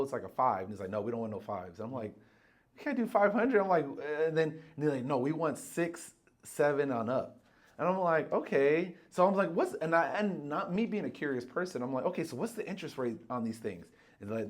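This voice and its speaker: Animated storytelling man, podcast co-host. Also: mid-range voice. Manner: animated, acts out quoted voices, swears freely. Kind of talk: casual storytelling chat.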